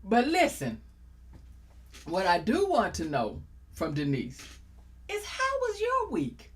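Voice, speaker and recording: Exuberant talk-show host woman, lively pitch. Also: takes it slowly. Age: middle-aged. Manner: exuberant, playful, joking. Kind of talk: casual talk-show chat.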